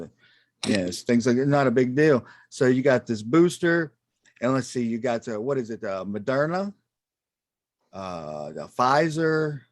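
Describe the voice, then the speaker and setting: A man doing a stand-up comedy set on a club stage, self-deprecating and halting, with many ums and restarts. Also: medium pitch, no room sound, studio quality.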